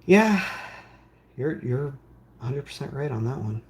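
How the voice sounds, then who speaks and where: A man's voice: mid-range voice, lively intonation, measured pace. Rambling man reading chat on stream. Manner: reads viewer comments aloud and answers them; rambling, with frequent fillers. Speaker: streamer building game consoles. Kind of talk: casual live-stream chat.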